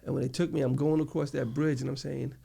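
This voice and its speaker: Middle-aged New York man, very gravelly, animated storyteller in a casual interview. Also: medium pitch, fast. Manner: animated storytelling, acts out quoted people. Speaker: interview guest.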